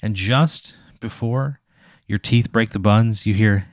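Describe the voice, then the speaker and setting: A man's voice: fairly low pitch, takes it slowly, no echo, studio quality. A man running a tabletop game as game master, narrating scenes in a casual, profane, vivid storytelling way.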